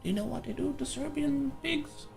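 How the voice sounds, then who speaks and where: Bit part: terrified little pig in a kilt, very high squeak, slow and gravelly. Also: male voice, a little mellow, faint music behind, heavily acted. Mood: panicked. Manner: panicky, pleading squeaky questions. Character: frightened lost male pig in a kilt.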